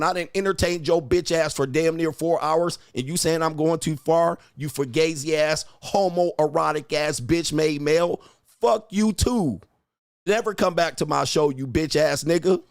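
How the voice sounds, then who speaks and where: A man's voice: on the high side, smooth, no room sound, clean studio sound. A man hosting a livestream, berating his viewers in a profane rant full of insults and repeated taunts. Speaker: livestream host and dating coach. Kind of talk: ranting at live chat.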